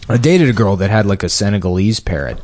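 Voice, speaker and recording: A man's voice: fairly low pitch, lively intonation, quick pace, a little mellow. A man telling a rambling story on a casual podcast, with lots of fillers and crude jokes, short on sleep. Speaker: podcast co-host.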